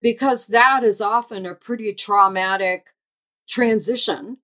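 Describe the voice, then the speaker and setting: A woman guest on a podcast, explaining dog behavior in a measured, deliberate way as an expert. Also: mid-range voice, fairly bright tone. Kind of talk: explanatory interview answers.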